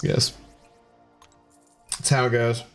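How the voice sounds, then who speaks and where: A man's voice: slow pace, a bit bright, soft background music. A man streaming a game and chatting casually with his viewers, joking, sarcastic and swearing freely. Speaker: gaming streamer reading chat. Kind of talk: casual live-stream chat.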